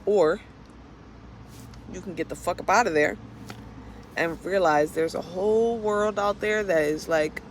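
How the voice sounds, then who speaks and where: A woman's voice: fairly low pitch, unhurried, pauses often, a little hiss or hum. A woman venting in an unscripted personal vlog, blunt and profane, often restarting her sentences out of frustration. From Florida. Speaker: vlogger.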